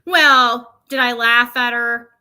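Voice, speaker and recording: A woman's voice: on the high side, fairly even intonation, takes it slowly, pushed and bright, smooth. A woman streamer chatting casually to her viewers, rambling, with many restarts. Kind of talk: casual chat.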